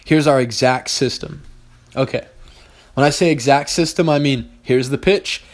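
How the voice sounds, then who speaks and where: A man's voice: mid-range voice, moderate pace. A man hosting a podcast, talking through business lessons in a blunt, profane, casual way and repeating points for emphasis. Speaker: podcast host, business owner.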